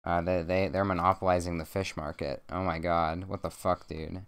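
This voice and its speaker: Young male streamer, deep and smooth, reads a bedtime story at home with deadpan asides. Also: moderate pace. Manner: rambling, with jokey deadpan asides. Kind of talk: casual bedtime story reading. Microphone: desk mic.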